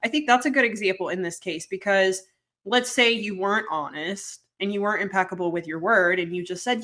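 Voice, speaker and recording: Bright-voiced young woman podcast co-host. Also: mid-range voice, brisk. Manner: chatty, fillers like "like" and "um". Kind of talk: casual chat.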